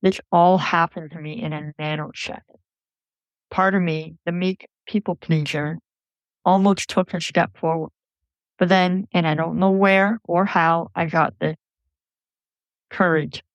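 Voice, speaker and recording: A woman recounting a personal story in an earnest, measured way for a podcast. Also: lowish voice, steady tone, dry recording. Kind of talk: personal story told into a mic.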